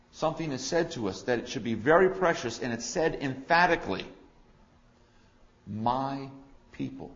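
A man preaching an expository sermon, swinging between loud declarations and quiet asides. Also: mid-range voice, dull audio.

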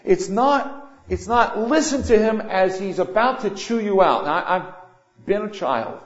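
An older man preaching a sermon, swinging between loud emphatic lines and quiet asides. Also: high-pitched, animated, measured pace. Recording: echoey room, dull lo-fi sound.

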